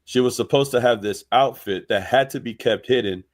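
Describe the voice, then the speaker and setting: A man's voice: mid-range voice, normal speed. A man casually recapping a story for viewers, slangy and conversational. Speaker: commentary host. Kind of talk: casual explanatory commentary.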